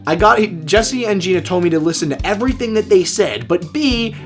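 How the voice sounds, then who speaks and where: A man vlogging, telling a prank story in an animated way, swearing freely and acting out the voices of the people in it. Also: high voice, fairly quick, soft background music.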